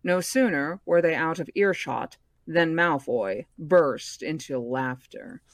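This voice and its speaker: A woman reads a novel aloud at an unhurried, slow pace. Her voice sits on the low side and the sound is dry and close. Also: dry recording. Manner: measured, expressive storytelling. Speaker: book club podcast host.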